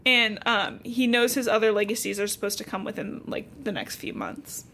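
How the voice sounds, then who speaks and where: A woman from Cincinnati co-hosting a podcast, casually recapping a book with lively, profane asides. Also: mid-range voice, normal speed, slight background noise. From Cincinnati, USA. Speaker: podcast co-host.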